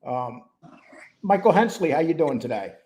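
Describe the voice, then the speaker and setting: Relaxed man hosting a live chat. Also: on the high side, normal speed, noisy background. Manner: greets chat viewers by name, relaxed and rambling. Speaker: host. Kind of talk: casual live-stream chat.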